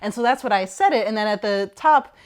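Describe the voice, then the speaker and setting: A woman's voice: mid-range voice, expressive, fairly quick, clean tone. A young adult woman co-hosting a casual podcast chat, rambling through asides and swearing freely. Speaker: podcast co-host.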